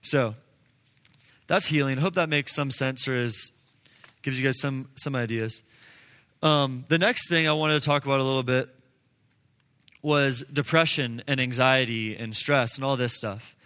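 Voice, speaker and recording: A man's voice: medium pitch, steady tone, a little slow, long pauses, sharp tone. A man in his twenties giving a casual, earnest testimony to a group, with many fillers. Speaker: speaker addressing a group. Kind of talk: personal testimony and preaching. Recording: long reverb in a large room.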